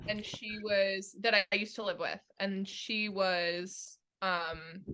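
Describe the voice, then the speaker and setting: Young woman, podcast guest; bright, forceful tone, laughing storyteller. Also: mid-range voice, fairly even intonation, slow, slight background noise. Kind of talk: casual film podcast chat.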